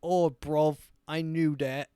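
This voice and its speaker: A man putting on a clueless British man with a put-on London accent, drawling slowly in a raised voice. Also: fairly high pitch, steady tone, mellow, clean tone, dry recording, clean studio sound, voice pushed up. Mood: dopey. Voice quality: raised, slow, drawling delivery. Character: dim-witted British man, cheeky and clueless.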